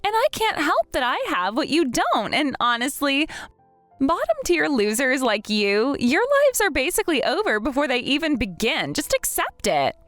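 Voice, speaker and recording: Snobbish young bride, condescending, voiced by a woman, bright melody, dry close sound. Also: high voice, very animated, moderate pace, no room sound, soft background music. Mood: sneering. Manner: sneering, condescending. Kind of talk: text-message drama reading.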